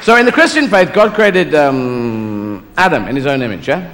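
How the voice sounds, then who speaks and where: A man doing a rambling, halting stand-up routine on a live stage recording with room noise. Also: on the high side, sing-song, a bit bright, big-room sound, a faint crowd. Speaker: stand-up comedian.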